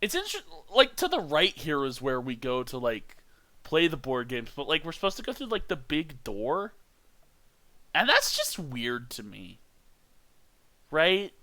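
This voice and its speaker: A man's voice: a little high, wildly swooping pitch, a little slow, sharp tone, no room sound. A man casually rambling through his game commentary, swearing when annoyed. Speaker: let's play host.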